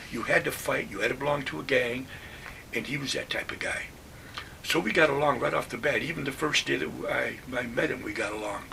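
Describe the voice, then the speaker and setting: Gravelly old veteran from Western New York. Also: male voice, medium pitch, distant mic, a little hiss or hum. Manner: plainspoken, animated retelling with acted-out quotes. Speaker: WWII veteran telling war stories. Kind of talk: oral history storytelling.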